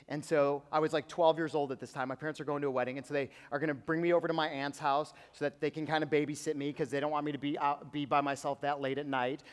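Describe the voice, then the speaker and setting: High-voiced young preacher in a big reverberant hall. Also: male voice, quick pace, clean tone. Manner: animated storytelling, acting out quotes. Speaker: youth pastor. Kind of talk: youth sermon. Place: large church auditorium. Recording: long reverb of a large hall.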